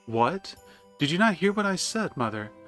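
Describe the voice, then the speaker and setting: A man's voice: a little high, big pitch swings, moderate pace, fairly bright tone, soft background music, pitched above the performer's own voice. A man voicing an anxious, pleading young prince while reading game dialogue aloud. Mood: urgent. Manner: pleading and flustered. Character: anxious young royal son, devoted to his mother.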